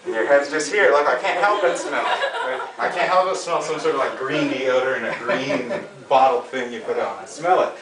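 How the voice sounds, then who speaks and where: A man's voice: mid-range voice, moderate pace, hardly any pauses, echoey room, far from the mic, crowd noise, poor audio. A man coaching a trainee, acting out lines and laughing as he demonstrates. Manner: animated, demonstrative, laughs often. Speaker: dating coach.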